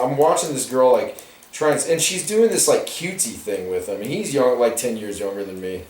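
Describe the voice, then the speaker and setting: A man's voice: mid-range voice, big pitch swings, a little fast, a little mellow. A man talking while he colors comic pages, ranting in a rambling way with many restarts and asides. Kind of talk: rambling casual monologue. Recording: roomy echo, distant from the mic.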